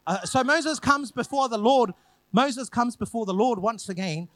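A man with a fairly high voice preaches a storytelling sermon. He builds his points through repetition and acts out the people in the story. The recording is close and dry. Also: moderate pace, no echo. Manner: retells scripture with vivid acted quotes and repetition.

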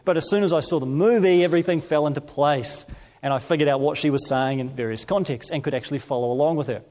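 A middle-aged man leads a sermon, his voice sitting a little above the usual male range. He reads scripture in a measured, deliberate way and moves easily into personal stories. He speaks as a pastor addressing his congregation. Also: a little high, a little mellow. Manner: storytelling, measured scripture reading.

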